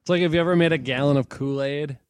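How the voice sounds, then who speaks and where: A man's voice: on the high side, steady tone, quick pace, smooth, dry recording. A man in a casual podcast chat who rambles through anecdotes and acts out little scenes.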